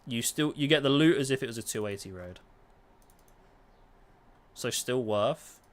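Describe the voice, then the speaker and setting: Casual gaming streamer man, mid pitch. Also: a little slow. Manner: relaxed, swears casually, answers chat while playing. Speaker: gaming livestreamer. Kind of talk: casual livestream chat.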